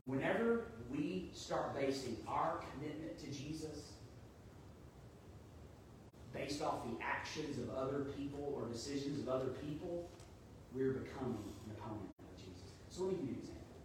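A man's voice: mid-range voice, moderate pace, heavy reverb, distant mic, background noise. A man preaching a sermon in a conversational, storytelling way. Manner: conversational, storytelling, animated when quoting. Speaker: pastor.

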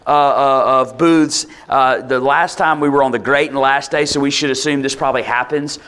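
A man preaching a conversational sermon, explaining a passage in lively, casual speech and acting out quoted voices. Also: mid-range voice, moderate pace, clear, resonant tone. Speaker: pastor.

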